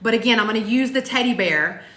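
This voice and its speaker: A somewhat high-pitched woman talks in an earnest, emphatic way, driving her points home with repetition and the odd curse. The sound is roomy, with echo off the walls around her. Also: fast talker, sharp tone. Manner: emphatic, repetitive, swears casually. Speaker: co-host of a motivational talk show. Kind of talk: heartfelt motivational chat. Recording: echoey room.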